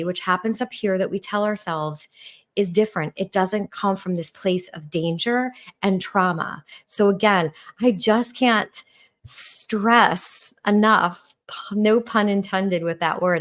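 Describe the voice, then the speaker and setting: A middle-aged woman from New York with a New York accent, a relationship coach on a podcast speaking in a warm, calm tone with rising and falling intonation. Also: lowish voice. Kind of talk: podcast talk.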